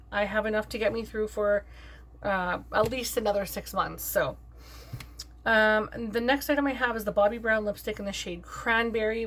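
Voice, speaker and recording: A young adult woman chats through her makeup collection in a relaxed vlog, her voice sitting at an ordinary middle pitch. She sounds upbeat and talkative, dropping plenty of "like" and "um" as she goes. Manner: chatty and upbeat, with frequent "like" and "um". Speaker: beauty vlogger. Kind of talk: casual makeup review chat.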